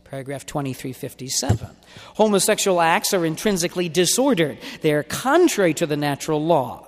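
A man preaching a sermon in an emphatic, deliberate way, stretching out key words. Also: a little high, a little mellow. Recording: long hall reverb.

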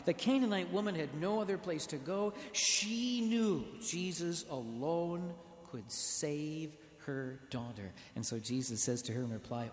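A man preaching a sermon in a slow, deliberate, expressive way, with dramatic pauses. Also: fairly high pitch. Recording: echoey church hall.

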